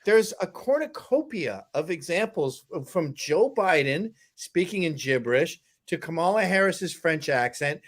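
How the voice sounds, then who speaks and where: Male panelist, animated casual banter, wide pitch swings. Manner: animated, does quick impressions of others. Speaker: comedy commentator. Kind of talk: casual chat.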